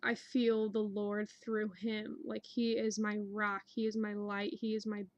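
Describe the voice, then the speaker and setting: A woman's voice: medium pitch, completely flat delivery, a little slow, no echo, highs cut off. A young woman casually telling a long personal story, rambling with many fillers and restarts. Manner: rambling, many ums and likes. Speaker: dream narrator.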